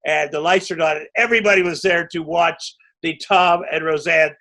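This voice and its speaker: A man's voice: fairly high pitch, fairly even intonation, moderate pace. Rambling man telling a showbiz story. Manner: rambling, self-interrupting, bursts into loud acted quotes. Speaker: podcast guest. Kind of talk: anecdotal storytelling.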